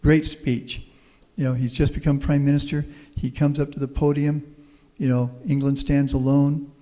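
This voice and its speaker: This guest professor, a middle-aged man from Houston, Texas, has a dark-toned mid-range voice with a flat delivery at normal speed. His public talk is folksy and anecdotal, with audience questions answered along the way. The recording has a meeting hall's long reverb.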